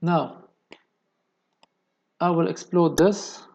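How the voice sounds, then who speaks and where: A man's voice: fairly high pitch, gravelly, a little mellow, highs cut off. A man with a delivery, explaining a technical drawing step by step in a screen-recorded tutorial. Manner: slow, step-by-step explaining with many okays. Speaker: engineering tutorial presenter.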